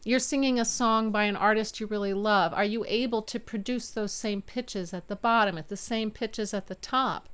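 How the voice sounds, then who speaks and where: A middle-aged woman teaches voice from her home studio, her tone smooth and resonant at an everyday pitch. She talks in an upbeat way and breaks into sung examples of chest and head voice. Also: steady tone, moderate pace, few pauses, a bit bright. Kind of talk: video voice lesson.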